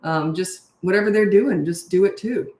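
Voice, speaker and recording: A woman's voice: on the low side, normal speed, darkish tone, echoey room. A woman in her sixties, a parenting coach answering viewer questions in a frank, conversational live-stream Q&A. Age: 60s.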